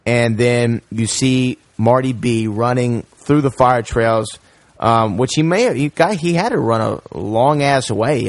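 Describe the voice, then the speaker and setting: A man hosting a casual film review chat, retelling scenes in an animated way with many fillers. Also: medium pitch, dry recording. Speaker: podcast host.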